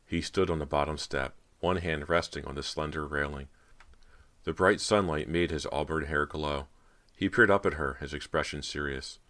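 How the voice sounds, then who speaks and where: A man narrating a horror audiobook in a steady, measured storytelling manner. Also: extremely low pitch.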